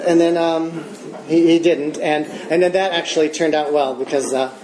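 A man in his fifties with an American accent, a little higher-pitched than most men, shares his recovery story in a big meeting room. He chuckles through it and pokes fun at himself. The room is echoey and there is steady noise behind him. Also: moderate pace. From Michigan, United States. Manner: chuckling, self-deprecating storytelling. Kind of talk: personal testimony share.

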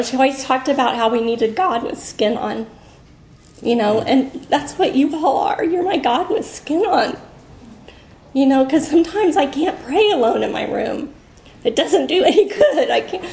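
Woman with a gravelly voice in an echoey room. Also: high-pitched, darkish tone, a little hiss or hum. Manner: rambling, many fillers, laughs through emotion. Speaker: recovery meeting speaker. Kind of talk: personal share at a meeting.

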